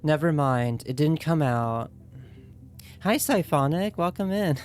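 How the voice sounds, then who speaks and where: A woman's voice: low voice, animated, measured pace, darkish tone. A woman streaming games and chatting casually with viewers, playful and teasing, often giggling.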